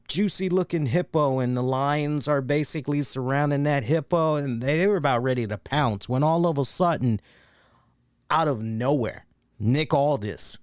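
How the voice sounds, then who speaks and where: A man's voice: mid-range voice, a little mellow, no room sound, studio quality. A man hosting a casual solo wrestling review, rambling enthusiastically, repeating words and acting out quotes.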